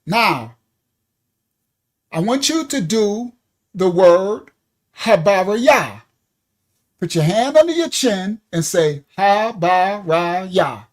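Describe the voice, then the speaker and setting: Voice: mid-range voice, sing-song, takes it slowly, long pauses. A teacher at a ministry giving an interactive class, spelling out terms letter by letter and calling on the class, addressed as y'all, to join in. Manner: coaxes the audience to join in.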